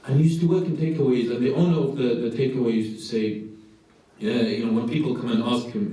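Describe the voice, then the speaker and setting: A man's voice: mid-range voice, fast, mellow, slight background noise. A man gives a religious lecture, asking rhetorical questions and acting out voices. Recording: echoey hall from far off.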